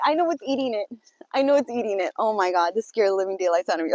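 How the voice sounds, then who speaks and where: On a live vlog, a woman speaks in an animated, slightly mellow voice of medium pitch while walking through her garden on a farm. She chats casually with viewers, with quick exclamations and nervous laughter, and there is no room sound.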